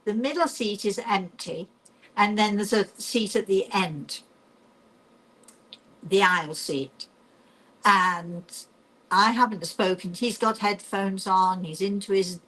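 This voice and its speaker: A woman's voice: medium pitch, fairly bright tone, low-quality recording. Older woman telling a spiritual story. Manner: chatty, reflective storyteller who acts out the dialogue. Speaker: spiritual medium and healer. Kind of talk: personal storytelling.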